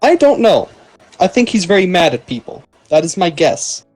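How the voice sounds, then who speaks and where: A man's voice: high voice, sing-song, normal speed, music in the background. A man playing a tabletop role-playing game, joking and laughing with the table. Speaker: player. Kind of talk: tabletop role-play in character.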